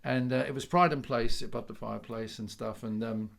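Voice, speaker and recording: A man's voice: medium pitch, steady tone, brisk, vocal fry, fairly bright tone. A man in his sixties, a musician guest, telling stories in a chatty way with frequent restarts and laughs. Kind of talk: casual storytelling chat.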